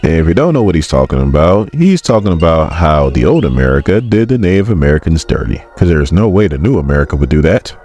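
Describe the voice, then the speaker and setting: A man's voice: a bass voice, big pitch swings, fast talker, few pauses, dark tone, breathy edge. A man in his forties giving a casual comic book story recap, acting out characters and laughing often. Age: 40s. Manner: acts out characters with raised voices, laughs often.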